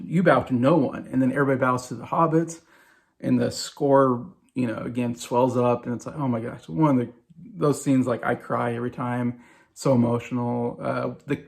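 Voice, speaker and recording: A man's voice: mid-range voice, gravelly. A man in his forties ranking his favorite movies in a casual vlog, gushing and rambling with fillers and restarts. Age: 40s. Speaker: movie vlogger.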